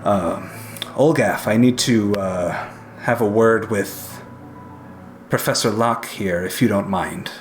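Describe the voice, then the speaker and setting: A man voicing a stern, steely male inquisitor who speaks in a measured, formal, halting way. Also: fairly low pitch, soft background music.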